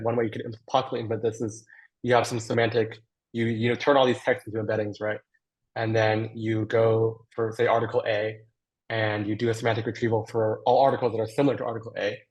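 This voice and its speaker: A man with a slightly husky, breathy voice answers audience questions on a video call. He thinks aloud as he goes, hedging and restarting with plenty of fillers. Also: mid-range voice, low-quality recording. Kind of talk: online Q&A after a technical talk.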